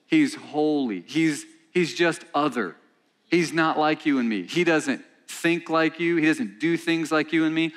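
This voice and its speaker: A male pastor preaching a sermon in a church, animated and conversational, repeating himself and calling out to his congregation. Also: fairly high pitch, measured pace. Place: church sanctuary.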